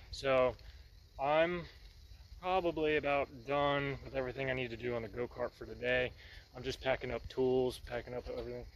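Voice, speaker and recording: A man's voice: medium pitch, level tone, moderate pace, dull audio, a little hiss or hum. A man talking casually about his project in a workshop vlog, rambling and folksy. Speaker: vlogger.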